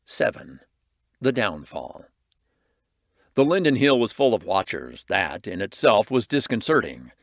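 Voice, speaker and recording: Man narrating with a lively voice. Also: on the low side, unhurried, vocal fry, dry recording, clean studio sound. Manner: expressive, varied reading. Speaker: audiobook reader. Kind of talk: storybook narration.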